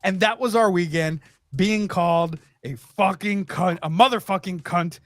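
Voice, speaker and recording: A man hosting a podcast, telling a story in a loose, profane, animated way. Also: sits high, a little slow, no echo. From Texas. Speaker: podcast host. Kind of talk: casual storytelling chat.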